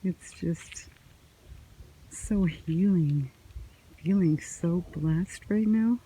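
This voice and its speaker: A woman vlogging casually as she walks outdoors along a quiet country road, talking in a soft, musing way into a handheld phone. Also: fairly low pitch, breathy edge, low-quality recording. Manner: slow, soft-spoken, musing. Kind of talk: casual walking vlog. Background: faint crickets and birds.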